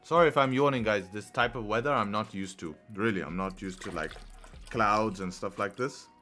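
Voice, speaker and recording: Chill young guy livestreaming trades, talks easy, soft music in the back. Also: lowish voice, normal speed. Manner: laid-back, chatty, reads chat aloud. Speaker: live-stream trading host. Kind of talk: casual live-stream commentary. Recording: faint music behind.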